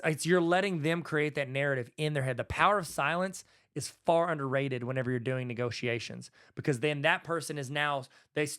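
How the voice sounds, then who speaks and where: A man who hosts a solo podcast and works as an educator speaks in a fairly high, slightly bright voice. His delivery is folksy and chatty, and he acts out fragments of dialogue in this casual talk.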